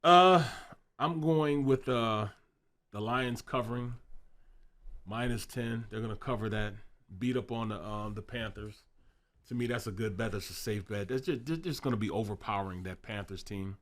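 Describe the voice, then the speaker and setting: A man's voice: on the low side, moderate pace, fairly bright tone. A man on a sports betting panel, chatting casually and often stammering and repeating words.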